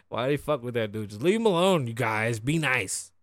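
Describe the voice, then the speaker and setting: A man's voice: mid-range voice, no room sound, studio quality. A man hosting a podcast, riffing on news in a casual, profane and opinionated way. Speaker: podcast host.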